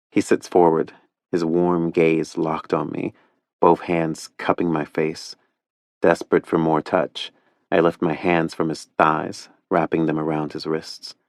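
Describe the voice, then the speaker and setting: Deep, slow, gravelly male narrator. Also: dry recording, studio quality. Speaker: audiobook narrator. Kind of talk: first-person romance audiobook narration.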